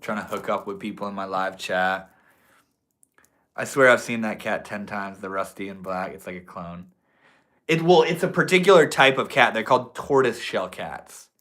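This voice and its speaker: At a moderate pace, a man with a lowish, fairly bright voice talks expressively. Tipsy and streaming casually from his home, he reads out chat and wanders into spiritual thoughts, addressing everyone as bro or dude. His style is loose and foul-mouthed, punctuated by preachy outbursts.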